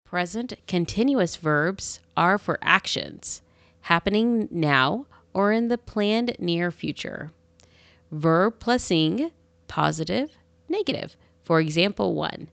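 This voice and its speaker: A woman's voice: lowish voice, vocal fry, a bit bright, no room sound. A woman teaching an English lesson, reading numbered examples in a careful drill cadence. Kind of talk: slow, deliberate language lesson reading.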